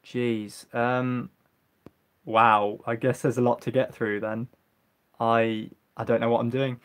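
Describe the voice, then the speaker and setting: A young man from England hosting a livestream, chatting casually and answering viewer comments in a rambling, hesitant way with many ums. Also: medium pitch. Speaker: livestream host.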